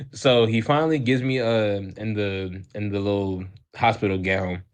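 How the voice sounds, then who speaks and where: A podcast co-host talks a little slowly in a lowish, steady voice with a clean tone. His childhood story meanders with many restarts and fillers, and he laughs frequently.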